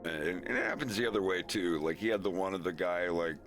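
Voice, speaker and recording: Male streamer, casual rambling storyteller, bright tone. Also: low-pitched, brisk, soft background music. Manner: rambling, laughing, animated.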